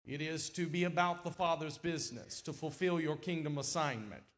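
A middle-aged man preaching a sermon in a church, folksy and lively, with sudden loud, emphatic swells. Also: fairly high pitch, normal speed. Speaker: guest preacher. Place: church sanctuary.

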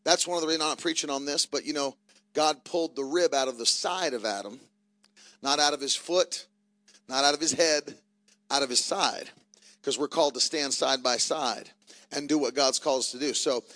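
Bright-voiced joking preacher man. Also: on the high side. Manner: jokey, lively storytelling with loud bursts. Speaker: traveling preacher. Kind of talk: church announcements and family stories. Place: church service.

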